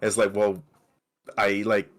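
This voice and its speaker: A man's voice: on the low side, completely flat delivery, slow pace. A man from Mexico talking on a casual podcast panel, with many fillers and restarts. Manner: grows heated and emphatic. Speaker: podcast co-host.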